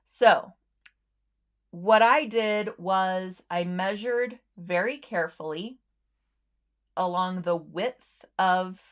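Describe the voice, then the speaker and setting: A woman's voice: on the low side, takes it slowly, pauses often. A woman hosting a sewing livestream, chatting casually with viewers, friendly, with lots of ums and easy laughs.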